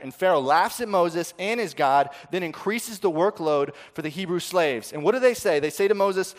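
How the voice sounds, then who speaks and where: A man preaching a sermon, swinging from loud, dramatic quoting to soft, intimate asides. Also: a little high, normal speed, few pauses.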